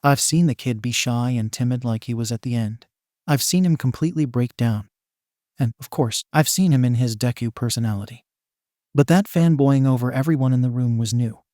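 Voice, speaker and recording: Man reading a loud teasing hero teacher, middling pitch, dry sound. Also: moderate pace, no echo, close to an everyday voice. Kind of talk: fan fiction reading.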